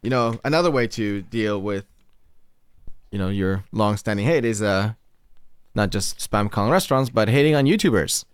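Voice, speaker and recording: A man co-hosting a podcast in casual chat, easygoing and halting. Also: fairly low pitch, clear, resonant tone, no room sound. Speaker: podcast co-host.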